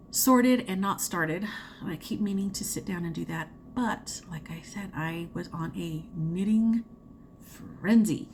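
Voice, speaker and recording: A chatty woman talks through her crafting month in a loose, rambling way, full of fillers. Her voice sits a little low for a woman. A faint hiss of noise runs under the recording. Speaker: crafting vlogger. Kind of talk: casual chat.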